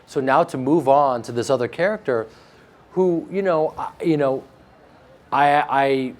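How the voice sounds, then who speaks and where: Here is a man with a flat Midwestern American accent being interviewed about his acting. He talks at an ordinary middle pitch and tells stories casually. He jokes and mocks himself as he goes. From Chicago, American Midwest. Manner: joking, self-mocking storyteller.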